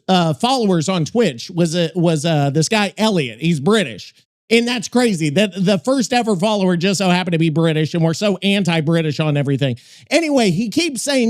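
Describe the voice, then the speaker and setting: A man hosting a podcast in casual chat, rambling, swearing and excitable. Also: high-pitched. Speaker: podcast host.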